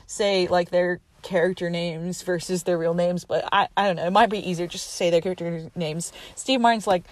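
A woman casually retelling a movie plot in a chatty, animated way. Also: on the low side, fairly quick. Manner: chatty, animated, quotes characters with voices. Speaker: movie recapper.

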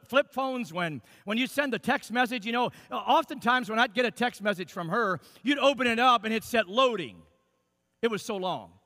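High bright-voiced male preacher in a hall. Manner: animated storytelling with many restarts. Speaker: pastor. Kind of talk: sermon with personal story.

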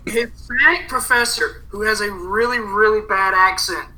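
A man's voice: high-pitched, moderate pace, bright, forceful tone, slight background noise, rough recording. A young man as a podcast guest, tired and sarcastic and swearing often. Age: young adult. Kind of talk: casual chat.

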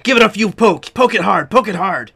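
Brutish lizard creature, mocking and loud, voiced by a man. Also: high-pitched, animated, a little fast, creaky, husky, voice pushed up, exaggerated voice. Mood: taunting. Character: dim-witted lizardfolk poker, male, brutish.

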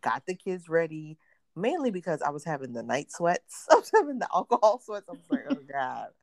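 Her voice is low and a little quick, captured as clean studio audio with no room sound. She's a podcast co-host in her thirties, casually chatting and bringing stories to life by acting out quotes.

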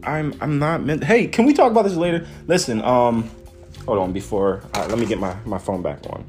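A man hosting a casual podcast chat, joking and teasing as he goes. His voice rises and falls in a lively way. Faint music plays quietly in the background. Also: mid-range voice, a little fast. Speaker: podcast host.

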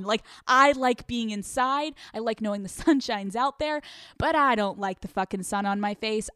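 A young American woman hosting a solo podcast, brash and profane, swinging from loud bursts to hushed asides. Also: a little high, no room sound, studio quality. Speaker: podcast host.

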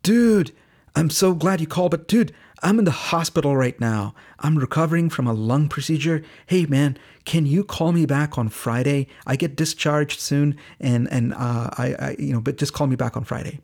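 A man voicing an eager, grateful man recovering in a hospital bed, excited and pleading to be called back. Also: mid-range voice, fairly quick, creaky, hardly any pauses, slightly rough.

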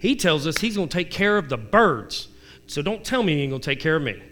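Candid man, bright devotional vlog. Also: a little high, big pitch swings, fairly quick. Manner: candid and self-deprecating, asks listeners questions. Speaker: devotional vlogger. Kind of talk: casual devotional talk with scripture readings.

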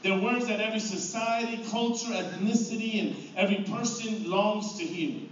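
A man's voice: sits high, steady tone, moderate pace, a bit bright. A middle-aged man preaching a sermon as pastor, earnest, often repeating words and restarting phrases. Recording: echoey room from far off, dull sound, faint noise.

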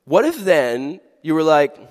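A man's voice: a little high, measured pace. Playful man preaching in an echoing hall. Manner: playful, jokey and animated, with sudden earnest drops. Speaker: pastor. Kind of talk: youth sermon.

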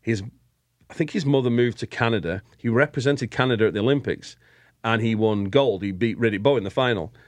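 A man from England with a British accent, a guest telling lively anecdotes in casual chat and laughing often. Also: medium pitch, brisk, no room sound. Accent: British English. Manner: animated storyteller, laughs often.

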